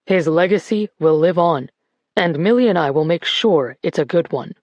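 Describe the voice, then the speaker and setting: A woman voicing a grieving man who gives a slow, measured eulogy at a church funeral. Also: fairly low pitch, darkish tone, dry recording, natural voice. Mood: solemn, reflective. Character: grieving grandson giving a church eulogy, male adult.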